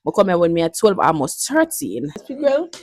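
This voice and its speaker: A woman's voice: lowish voice, wildly swooping pitch, brisk, a little mellow. A woman in her twenties with a Jamaican accent, chatting playfully to her viewers and switching between languages. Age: 20s. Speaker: vlogger. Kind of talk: casual chat.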